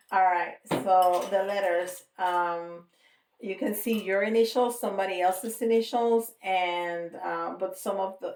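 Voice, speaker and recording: A woman giving a casual tarot reading to viewers, slow and reassuring, with frequent light laughter. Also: on the low side, a little mellow, a little hiss or hum. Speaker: tarot reader. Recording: roomy, from a distance.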